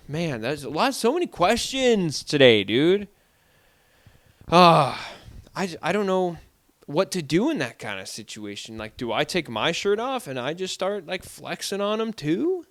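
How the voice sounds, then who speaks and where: This time his voice sits on the high side, very animated, unhurried and fairly bright as he rambles through home stories on his solo podcast. Fillers like "like" and "dude" abound, and there's no echo.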